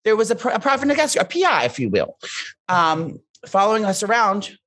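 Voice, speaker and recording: A man's voice: high voice, very animated, fast talker, a bit bright. A man co-hosting a podcast, telling campy, gossipy stories in a teasing, joking way. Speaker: podcast co-host. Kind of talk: casual comedic chat.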